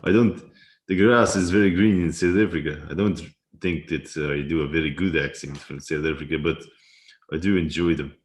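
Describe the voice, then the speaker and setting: Very deep-voiced man chatting in a roomy space. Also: steady tone, fairly quick. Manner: chatty, laughs often, reads viewer comments aloud. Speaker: livestream host. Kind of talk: casual live-stream chat while playing chess. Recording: roomy echo.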